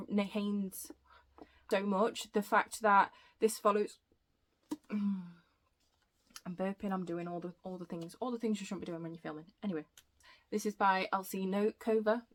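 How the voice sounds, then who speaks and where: A woman chatting excitedly on her book vlog, gushing and rambling with self-interruptions, a bit out of breath. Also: medium pitch, moderate pace. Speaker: book vlogger. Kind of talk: casual chatty book review.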